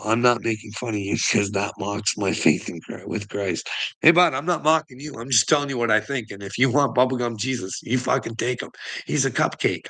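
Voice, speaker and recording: A man's voice: medium pitch, creaky, bright, forceful tone, breathy edge. A man ranting casually to his chat, swearing often, laughing constantly and calling people bud in a mocking, teasing way. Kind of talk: casual profane rant to chat.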